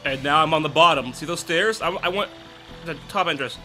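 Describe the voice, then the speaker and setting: A man's voice: a little high, brisk, bright, forceful tone, faint music behind. A young man commenting on his own gameplay in a rambling, self-interrupting way. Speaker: let's play host.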